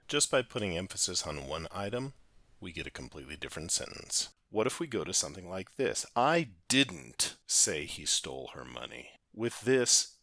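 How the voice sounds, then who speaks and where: A man's voice: fairly low pitch, pushed and bright, no room sound, clean studio sound. A man teaching a design lesson, walking through a slide exercise and stressing words in turn. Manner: deliberate, shifting emphasis on words. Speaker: design instructor. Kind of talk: recorded lecture walkthrough.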